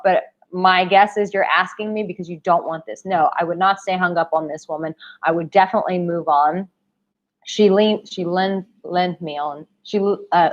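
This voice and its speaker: A young woman coaching on a live stream Q&A, affectionate and emphatic, calling viewers babe. Her voice is going. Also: mid-range voice. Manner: emphatic, repeats herself. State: losing her voice. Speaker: dating and relationship coach. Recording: dull lo-fi livestream audio.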